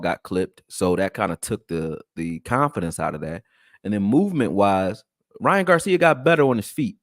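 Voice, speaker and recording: A man with a fairly low voice hosts a casual sports talk show in loose slang. He jumps up into loud, high exclamations and then sinks back down to low mutters. His voice is recorded close and dry, with no room sound. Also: no echo. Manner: slangy, conversational.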